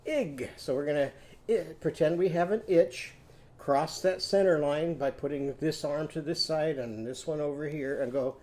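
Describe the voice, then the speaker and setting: A man's voice: a little high, warm tone. A man teaching a children's literacy lesson, leading call-and-response and drawing out syllables for kids to repeat.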